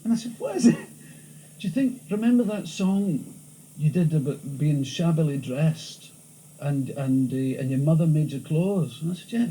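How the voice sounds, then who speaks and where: Heard on a rough old VHS recording with faint hiss, a Scottish comedian with a thick Glasgow accent tells animated stories in a candid interview. His pitch is fairly high, his speed normal, and he restarts himself often.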